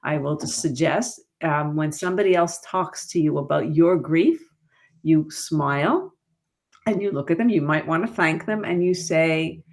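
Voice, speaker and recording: A woman grief counselor and author talking in an interview, lively and jumping high in pitch when she quotes people. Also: measured pace. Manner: animated, rises high when quoting others. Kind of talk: conversational interview.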